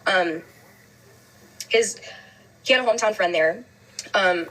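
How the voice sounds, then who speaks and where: A young woman, a guest in an interview, telling a personal story in a fast, halting way full of "like" fillers. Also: medium pitch, sharp tone, poor audio. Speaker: podcast guest.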